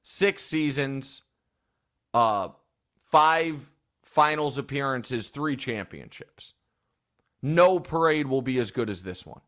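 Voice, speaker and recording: A man's voice: medium pitch, animated, takes it slowly, long pauses, fairly bright tone. A man hosting a sports talk show, giving opinionated commentary in long, thinking-aloud arguments.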